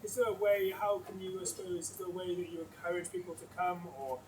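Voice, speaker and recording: A man's voice: high voice, flat delivery, fast talker, darkish tone. A man moderating a panel discussion, asking questions casually and hunting for words as he goes. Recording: far-off mic with faint noise.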